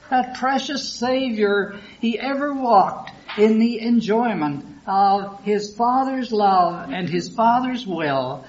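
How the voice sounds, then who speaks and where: Male preacher, fairly high voice, slow and earnest Bible exposition, dull lo-fi tape with light hiss. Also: darkish tone. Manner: slow, earnest, reads scripture in King James wording. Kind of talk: Bible reading and sermon. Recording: dull lo-fi recording with faint background hiss.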